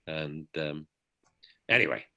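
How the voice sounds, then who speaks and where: A man with a British accent, a dog behaviour expert giving an outspoken, lively interview. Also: very deep voice, takes it slowly. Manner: outspoken, animated storyteller. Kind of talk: conversational interview.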